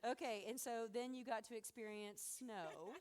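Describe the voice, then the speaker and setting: Woman, middle-aged, casual storytelling, animated, laughs often, quotes people vividly. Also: on the high side, moderate pace. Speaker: host mother telling family story.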